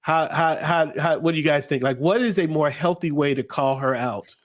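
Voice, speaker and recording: A man co-hosting a casual panel conversation, talking haltingly and restarting his sentences. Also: a little high. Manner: halting, repeats words, asks questions. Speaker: co-host.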